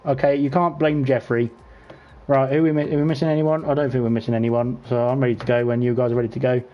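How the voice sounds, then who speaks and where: A man's voice: medium pitch, very fast, lo-fi sound. Chatty British man hosting a race stream. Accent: British English. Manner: chatty, teasing, lively when racing action picks up. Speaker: league race host and commentator. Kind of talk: casual sim-racing stream commentary. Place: home gaming setup.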